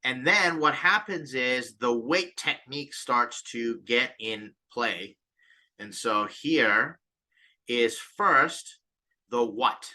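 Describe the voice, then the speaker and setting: A man's voice: medium pitch, expressive, takes it slowly, sharp tone. A man who advises startup founders, explaining a decision technique in a coaching way and acting out the questions he asks himself. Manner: coaching, stops to reflect, acts out inner questions. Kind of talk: explaining to camera.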